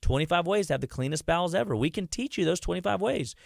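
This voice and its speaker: With a high-pitched, animated voice and some vocal fry, a clinician guest on a radio show rattles along fast about health. He energetically addresses listeners as "guys," keeps restarting and repeating words, and voices the people he quotes. The sound is clean studio audio with no room sound.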